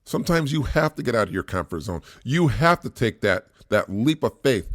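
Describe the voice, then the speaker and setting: A man's voice: medium pitch, very animated, moderate pace, no echo, studio quality. A middle-aged man hosting a solo parenting podcast. He talks in an earnest, repetitive way, laughs often and restarts his sentences. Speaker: podcast host, single father.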